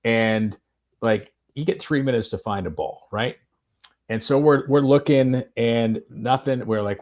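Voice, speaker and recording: A man casually telling a golf anecdote on a podcast, animated, with plenty of fillers and restarts. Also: on the low side, normal speed. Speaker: golf radio reporter and podcast guest. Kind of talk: casual storytelling chat.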